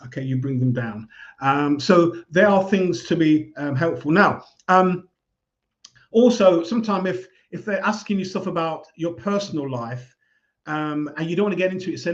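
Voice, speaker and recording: A man giving calm, measured advice in a casual talk. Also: a little high, lo-fi sound. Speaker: speaker giving life advice.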